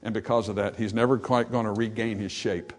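A man preaching a sermon, animated and acting out the voices in the scripture passage, then dropping to softer, reflective tones. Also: fairly low pitch, a little fast. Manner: animated, acts out dialogue from scripture. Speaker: pastor.

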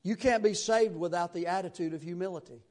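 A middle-aged man from Tennessee with a Southern accent, preaching a sermon in a folksy, rambling way with sudden loud bursts. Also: high voice, brisk. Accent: Southern American. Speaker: pastor.

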